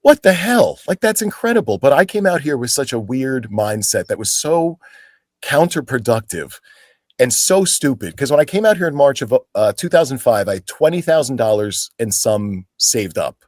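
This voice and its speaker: Man in his forties, animated storyteller, swooping intonation, dry close sound. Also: medium pitch, normal speed, dry recording. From Pennsylvania, United States. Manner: animated, chatty, full of "like" fillers, acts out quoted people. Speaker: actor, podcast guest. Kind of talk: casual storytelling in an interview.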